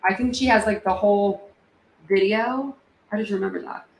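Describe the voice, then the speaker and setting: A woman's voice: medium pitch, normal speed. A woman hosts a casual livestream, answering viewers in a chatty, feeling way full of fillers. Her voice rings in a roomy, echoey space with a faint hum of background noise. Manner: chatty, emotional, many fillers. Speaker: livestream host. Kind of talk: casual livestream chat reading comments.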